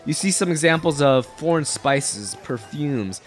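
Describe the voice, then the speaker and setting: A man's voice: on the high side, lively intonation, measured pace, soft background music. A young man narrating as game master of a tabletop game, in a casual, rambling way with many fillers.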